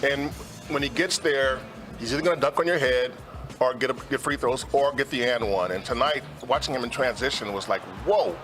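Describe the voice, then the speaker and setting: A man talking as a sports analyst on a talk show, relaxed and rambling with lots of fillers. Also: medium pitch, a little fast, faint music behind.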